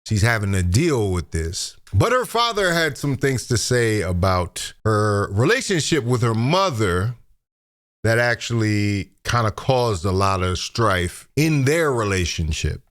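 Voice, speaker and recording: Male commentary host, lowish voice, chatty and reflective, talks right to camera. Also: very animated, measured pace, fairly bright tone. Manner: conversational, reflective, speaks to viewers directly. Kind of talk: celebrity news commentary.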